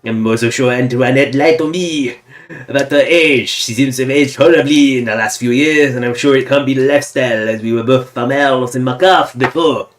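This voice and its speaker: A man's voice: mid-range voice, brisk, lightly acted. A man reading a male farmer's journal aloud in a fake French accent, hammy and mock-serious. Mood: grumbling. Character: grumbling married male farmer, newlywed.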